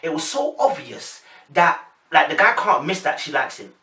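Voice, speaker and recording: Young London man, chatty slangy commentator, bright-toned, slightly raised pitch, room echo, off-mic. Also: very animated, normal speed, recorded from a distance. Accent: London English. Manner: chatty, slangy, addresses viewers directly. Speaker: reaction commentator. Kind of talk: casual to-camera commentary. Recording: echoey room, voice a bit off-mic.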